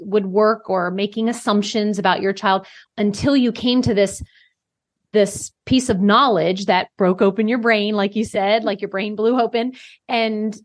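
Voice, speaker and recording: A woman hosting a podcast interview who reflects on and sums up her guest's points, with halting restarts. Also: medium pitch. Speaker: podcast host, life coach.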